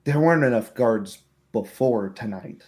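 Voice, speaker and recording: A man's voice: medium pitch, expressive, moderate pace, a little mellow, close to an everyday voice. A man voicing an earnest, worried young townsman who speaks bluntly. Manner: blunt, frank talker.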